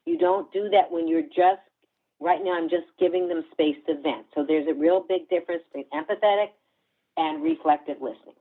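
A woman's voice: sits low, a little fast, breathy edge. A woman working as a parenting coach, explaining step by step to an interviewer over a remote call. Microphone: remote video call. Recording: tinny phone-like call audio.

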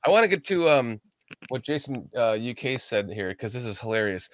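A man's voice: mid-range voice, expressive, normal speed, no room sound. A man from northern Illinois hosting a sports podcast, chatting casually and joking with frequent laughs. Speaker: podcast host. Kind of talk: casual chat.

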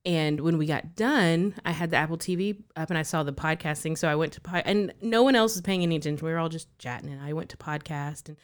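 A woman's voice: deep voice, quick pace, hardly any pauses. A woman co-hosting a podcast, telling chatty stories and laughing often. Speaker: podcast co-host. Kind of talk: casual chat.

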